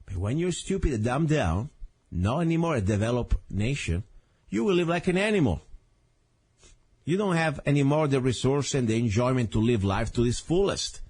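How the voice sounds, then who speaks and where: A man's voice: medium pitch, expressive, normal speed, a little mellow, husky. A man hosting a talk radio show, delivering an impassioned, blunt, ranting monologue into a studio microphone.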